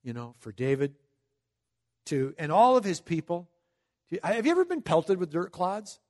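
A man's voice: sits high, huge pitch swings, darkish tone. Preaching man, conversational and emphatic. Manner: conversational preaching, reads scripture slowly. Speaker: pastor. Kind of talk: sermon, Bible teaching.

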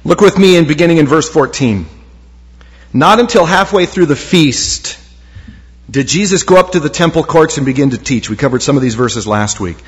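A man's voice: on the high side, animated, moderate pace, slightly rough. A man preaching a sermon as pastor, reading scripture aloud in a church and lifting key phrases for emphasis. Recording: long hall reverb.

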